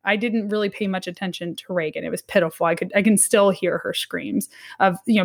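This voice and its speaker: Earnest halting woman in her thirties. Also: medium pitch, steady tone. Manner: earnest, halting, with frequent restarts. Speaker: interview guest, academic. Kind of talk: personal story in an interview.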